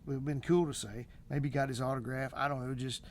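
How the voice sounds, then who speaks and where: A man's voice: mid-range voice, steady tone, quick pace. A middle-aged man hosting a vlog, telling a story in a rambling, folksy way with many fillers. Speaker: vlog host. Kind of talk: casual storytelling.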